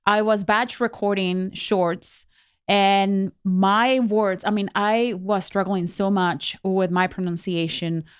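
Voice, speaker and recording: A woman's voice: mid-range voice, steady tone, slow pace, clean tone, dry recording, clean studio sound. A woman whose first language is Spanish, co-hosting a podcast in casual, candid chat, with fillers and restarts. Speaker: podcast co-host.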